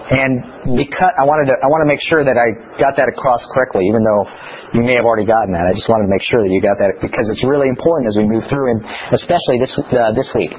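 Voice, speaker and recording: A man teaching scripture in a chatty, animated way, telling stories between points. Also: medium pitch, quick pace, muffled recording, slight background noise. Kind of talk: bible teaching.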